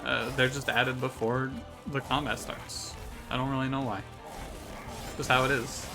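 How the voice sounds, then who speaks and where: A man's voice: medium pitch, flat delivery, moderate pace, gravelly. A man giving joking, wry commentary while playing a video game at home, with mock trash-talk. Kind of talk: gameplay commentary. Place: room at home by a window. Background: game music.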